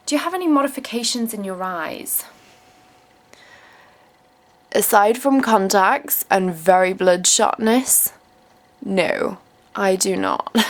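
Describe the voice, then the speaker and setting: A young woman from South Africa, her accent tinged with English, reading viewer questions aloud and answering them in a blunt, casual vlog with plenty of swearing. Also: mid-range voice. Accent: South African mixed with English. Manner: emphatic repeated phrases when giving advice.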